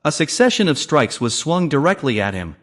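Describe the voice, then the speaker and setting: A man's voice: on the high side, big pitch swings, fairly quick, fairly bright tone. A man narrating a comic story recap, reading all the characters' lines in his own voice.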